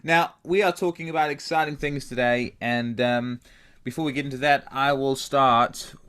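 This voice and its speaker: A man's voice: medium pitch, steady tone, moderate pace, a bit bright, clear, resonant tone. A man co-hosting a podcast in playful, improvised banter, joking and teasing with plenty of fillers. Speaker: podcast co-host.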